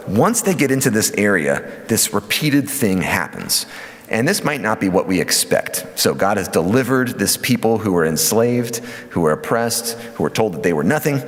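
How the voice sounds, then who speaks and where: Guy teaching in a church hall, chatty with uhs and ums, low-ish voice, echoey. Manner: lively teaching with fillers and acted quotes. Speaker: church lecturer. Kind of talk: lecture on scripture. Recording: hall reverb.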